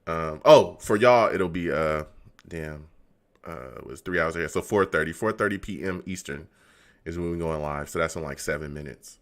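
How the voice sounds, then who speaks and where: A man's voice: rumbling low, normal speed. A man hosting a casual call-in fan show, talking loosely, laughing often and sounding fed up with his team. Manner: laughs often, exasperated, repeats phrases. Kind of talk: casual livestream chat.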